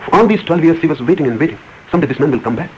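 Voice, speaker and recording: Male spiritual speaker, brisk emphatic storytelling, light background noise. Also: a little high, expressive, low-quality recording. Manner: emphatic, repetitive, rising emphasis on key words. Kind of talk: storytelling discourse.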